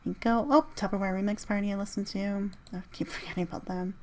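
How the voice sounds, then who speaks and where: A woman's voice: medium pitch, flat delivery, quick pace, a little mellow. Woman rambling through her music list. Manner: rambling, reads out a music list, spells out names. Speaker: podcast host. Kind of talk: casual solo podcast ramble.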